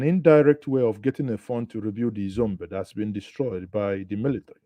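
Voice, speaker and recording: A Southeast Nigerian host talks fairly quickly and with few pauses in a lowish, mellow voice. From a studio, he chats with viewers on his live online news show, greeting them and thinking aloud as he comments on the headlines. The recording is dry.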